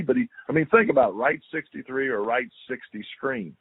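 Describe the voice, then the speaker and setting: Over a tinny, dry phone line with no echo, an older ex-football player talks briskly in a husky, mid-range voice. He's a guest in a casual interview, telling stories with lively energy, repeating his words and acting out quotes.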